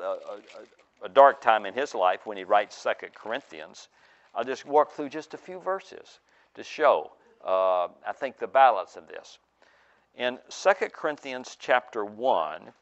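A man's voice: mid-range voice, a bit bright. Muffled male preacher with many fillers. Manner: emphatic with many fillers and restarts. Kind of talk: sermon.

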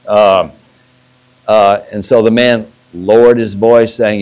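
A man's voice: on the low side, measured pace, a little mellow, low-quality recording. Man preaching a storytelling sermon. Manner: storytelling with restarts and acted-out quotes. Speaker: pastor.

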